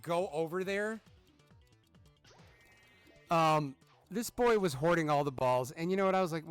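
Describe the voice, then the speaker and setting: A man's voice: on the high side, measured pace, pauses often, clear, resonant tone, no room sound, soft background music. A man in his thirties hosting gameplay commentary, telling a parenting story in a profane, ranting way with exasperated reactions to the game. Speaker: gaming channel host.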